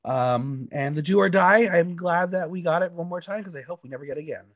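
Male podcast host, hoarse from allergies, gravelly and animated, recorded dry. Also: a little high, brisk, no room sound. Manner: animated and chatty. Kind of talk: casual podcast chat.

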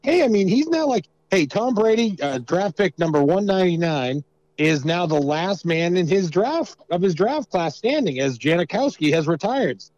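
A man with a high, lively voice hosts a joking sports chat show. His audio is dry and dull, with a muffled lo-fi quality. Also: normal speed, no room sound.

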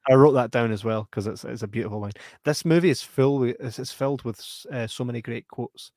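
A man co-hosting a casual film review chat, animated, often acting out lines from the film in put-on voices and laughing. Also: medium pitch, a little fast, no echo. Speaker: podcast co-host.

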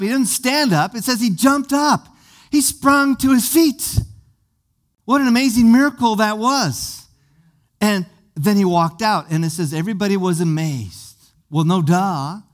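A man preaching a sermon, vividly retelling a scripture story with many questions to his listeners and often repeating small words as he goes. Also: high-pitched.

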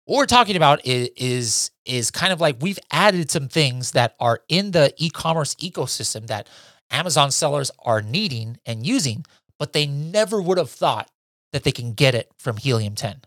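A man's voice: mid-range voice, animated, moderate pace, fairly bright tone, no room sound, studio quality. A man hosting a podcast, announcing new features in an enthusiastic, chatty way with many "all right"s and "guys". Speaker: podcast host.

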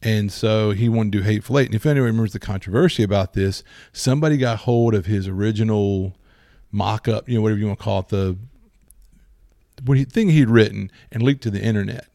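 Guy, gravelly, rambling casual movie chat, dry close mic. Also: lowish voice, fast talker, dry recording. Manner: rambling, animated storyteller with many restarts.

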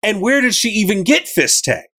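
A man chatting casually on a gaming podcast, retelling a story with animated, joking energy. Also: high voice, moderate pace, slightly rough. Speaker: podcast co-host recapping a game.

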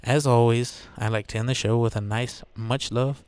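A man's voice: mid-range voice, fairly even intonation, normal speed, a little mellow, clean tone, no echo. A man hosting his own podcast, chatting casually in a loose, rambling way, swearing freely and joking. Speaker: podcast host. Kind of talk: casual solo podcast chat.

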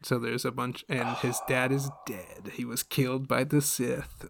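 A young man casually retelling a film to friends, animated and laughing often. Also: mid-range voice, unhurried, creaky, noisy background.

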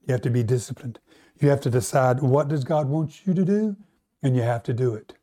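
A man's voice: medium pitch, a little fast, dark tone. A man preaching a sermon, emphatic and often asking the congregation questions. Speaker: pastor.

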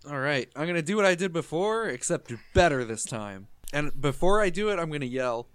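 A man playing in a tabletop game, animated and jokey, laughing a lot as he describes his character's moves. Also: on the high side, brisk, smooth, no room sound. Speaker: player. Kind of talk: casual tabletop play.

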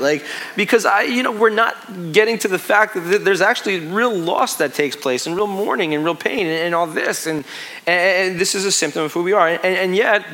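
Bright-voiced man preaching conversationally. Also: on the high side. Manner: conversational, repetitive restarts, drops to a hush on heavy points. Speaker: pastor. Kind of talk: sermon.

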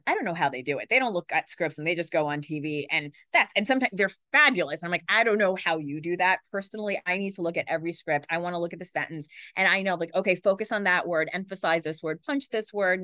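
A woman in her forties, a TV news anchor, talking fast and animatedly in a conversational interview and acting out quotes. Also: sits low, no echo, clean studio sound. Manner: fast, animated talker who acts out quotes.

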